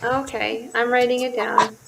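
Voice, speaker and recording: A woman's voice: on the high side, level tone, a little slow, gravelly, a crowd in the background, low-quality recording. A middle-aged woman chatting casually as a guest on a live stream, talking in a friendly way with lots of hesitant fillers. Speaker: guest caller. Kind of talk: casual chat.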